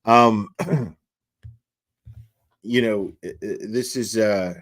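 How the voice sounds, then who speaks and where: Slow-talking, halting male livestream host. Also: lowish voice, a bit bright. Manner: halting, many fillers and restarts. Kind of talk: casual live commentary.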